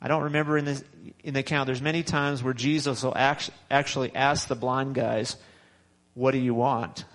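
A man's voice: medium pitch, level tone, brisk, hardly any pauses, fairly bright tone, rough recording. A man preaching a sermon in a conversational, repetitive way, with frequent restarts and chuckles. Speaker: pastor.

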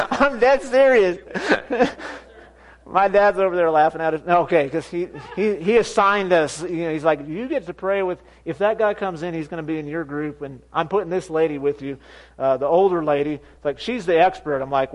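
Male pastor with a light, high voice; lively, laughing sermon storyteller. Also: a little slow, long pauses. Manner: animated, laughing storyteller who acts out quoted voices. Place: church sanctuary.

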